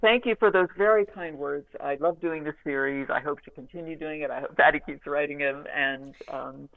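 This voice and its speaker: A woman audiobook narrator, a guest on a podcast, chatting in a lively, self-deprecating way. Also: deep voice, moderate pace, creaky, narrow, tinny audio. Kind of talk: casual podcast chat.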